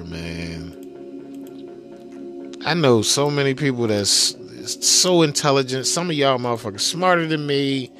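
A man's voice: mid-range voice, expressive, slow, pauses often, music in the background. A man hosting a podcast in a casual, profane, exasperated rant to his listeners. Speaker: podcast host.

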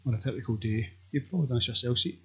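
A Scottish man with a very husky, raspy voice delivers a meandering, foul-mouthed comic monologue in a deadpan way. The recording sounds dull and lo-fi. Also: mid-range voice, very fast. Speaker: vlogger.

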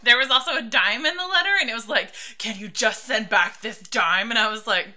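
A woman's voice: a little high, a little fast, pushed and bright. A woman co-hosting a podcast in casual chat, joking crudely and laughing often. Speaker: podcast co-host.

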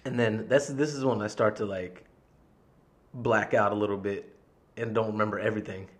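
A man's voice: fairly low pitch, fairly even intonation, moderate pace. A man hosting his own podcast, telling a story in a casual, heated monologue full of swearing. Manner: reenacts his own yelling in the quotes. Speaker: podcast host.

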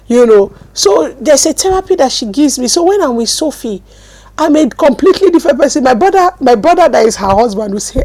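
Nigerian accent, woman, husky voice, a little high pitch, teaching sermon, animated storytelling. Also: moderate pace. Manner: animated storytelling, swings from loud to hushed. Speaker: apostle and teacher. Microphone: mic at a desk.

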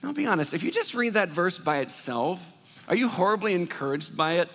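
A high-voiced man preaches to his congregation, chatty and animated, now and then slipping into worried voices. His voice rings through the long reverb of a big church hall. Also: brisk. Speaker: pastor. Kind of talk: sermon.

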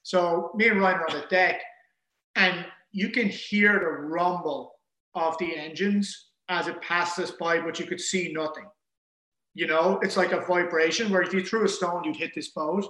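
A man casually telling a story in an animated way, acting out the things people said. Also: sits high, unhurried. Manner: animated, acts out quoted dialogue. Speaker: guest telling an ocean rowing story. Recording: roomy echo.

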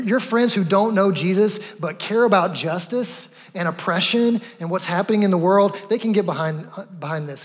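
A man preaching a sermon in a casual, conversational way, often repeating words as he goes and acting out quotes. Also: high-pitched. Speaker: pastor. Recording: long hall reverb.

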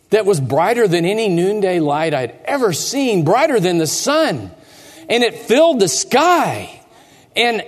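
High, lively-voiced man telling a story. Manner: theatrical, drops to hushed tones and asks the children questions. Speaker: pastor. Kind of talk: dramatic first-person storytelling for children. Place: church sanctuary. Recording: echoey church hall.

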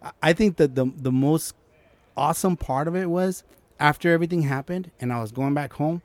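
A young man, a guest in a casual interview, telling a personal story with lively acted-out quotes and frequent restarts. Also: a little high, a little fast, no room sound. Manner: animated, acts out quotes, many restarts.

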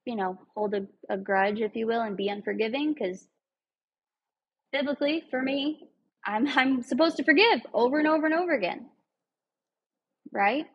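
A woman's voice: a little high, normal speed, long pauses, highs cut off, slight background noise. A woman speaking in an earnest, emphatic way, giving a casual motivational talk with some rambling asides.

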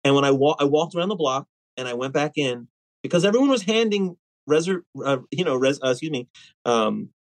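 A man in casual conversation, telling stories in an animated way, with lots of fillers and restarts. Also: a little high, a little fast, no room sound, low-quality recording. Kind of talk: casual chat.

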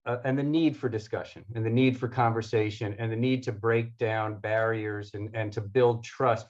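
An earnest male host with a mid-range voice gives closing thanks, halting now and then to repeat a word. The recording sounds dull and lo-fi. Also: medium pitch. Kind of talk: closing remarks in a conversation.

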